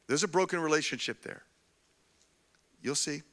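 A man preaching a sermon, telling a Bible story in a casual, animated way with frequent restarts. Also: fairly high pitch, moderate pace. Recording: long hall reverb.

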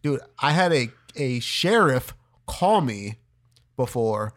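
A man co-hosting a podcast in casual chat, relaxed, laughing often and saying dude a lot. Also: medium pitch, slow pace. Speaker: podcast co-host.

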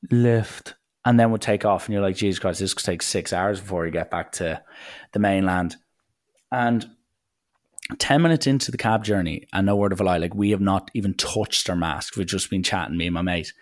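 A young adult man with an Irish accent telling rambling, jokey stories in a casual monologue, often interrupting himself. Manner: animated, swings pitch for acted quotes.

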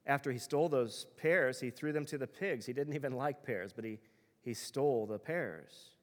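A man's voice: medium pitch, moderate pace. Earnest preaching man in a reverberant hall. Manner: earnest, emphatic preaching with repeated phrases. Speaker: pastor. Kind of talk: sermon.

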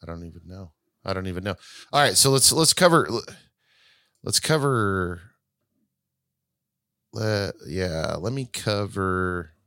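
A man's voice: low-pitched, slow pace, long pauses, pushed and bright, dry recording, studio quality. A man hosting his podcast alone, talking casually and rambling with frequent restarts. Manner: rambling, self-correcting, chatty. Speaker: podcast host. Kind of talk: casual solo podcast talk.

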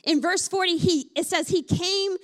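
A woman's voice: very high voice, normal speed. A woman preaching a sermon in a candid, conversational way. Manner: conversational, candid, with many fillers like "like". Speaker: pastor.

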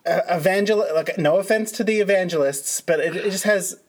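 A man hosting a podcast in casual chat, hesitant and halting, with many restarts, often laughing into his words. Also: high-pitched. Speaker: podcast host.

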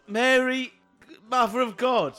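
A man's voice: very high-pitched, steady tone, takes it slowly, bright, forceful tone. A man co-hosting a rowdy comedy podcast, teasing his partner and breaking into shrieking laughter. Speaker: podcast co-host. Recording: faint music behind.

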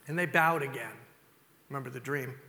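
A man's voice: mid-range voice, a little fast, sharp tone. A male pastor preaching a storytelling sermon, retelling scripture in casual, conversational words. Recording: long hall reverb.

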